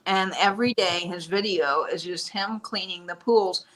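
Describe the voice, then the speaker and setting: A woman hosting a casual live-stream chat, telling stories in an animated, chatty way. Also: fairly low pitch, normal speed, rough recording. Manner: chatty storyteller, animated retelling. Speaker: shop host.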